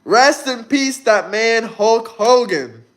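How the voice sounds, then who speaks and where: A man's voice: extremely high pitch, animated, slow, a bit bright. A man in his twenties hosting a livestream, talking to chat in a brash, mocking, provocative way. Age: 20s. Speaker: livestream host. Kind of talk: live-stream chat.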